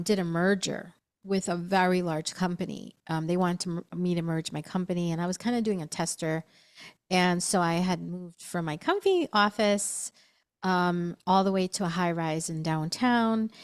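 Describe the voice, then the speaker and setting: Animated woman telling a story. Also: clean tone. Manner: animated, acts out quotes with big pitch jumps. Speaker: QHHT practitioner, co-host. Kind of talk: casual chat, storytelling.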